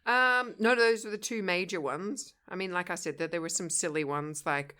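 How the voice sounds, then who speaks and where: A woman co-hosting a podcast in casual chat, laughing often and chiming in with quick agreements. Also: fairly low pitch, pushed and bright. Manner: giggly, quick to laugh, interjects short agreements. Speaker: podcast co-host.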